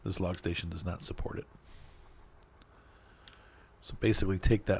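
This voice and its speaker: A man's voice: sits low, steady tone, normal speed, vocal fry, a little mellow, a little hiss or hum. A man streaming a driving game, chatting casually and answering viewers in chat by name as he plays. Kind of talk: casual gameplay commentary.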